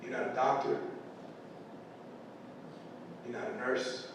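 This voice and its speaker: Middle-aged man, earnest motivational speaker, distant mic with faint rumble. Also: level tone, slow pace. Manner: earnest, emotional storytelling. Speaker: parent speaking to school staff. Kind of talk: motivational speech. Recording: echoey large room from far off, faint rumble.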